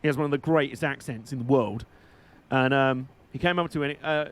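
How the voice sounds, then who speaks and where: A man's voice: mid-range voice, brisk. A man streaming a game, chatting in a rambling way and laughing often. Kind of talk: casual live-stream commentary.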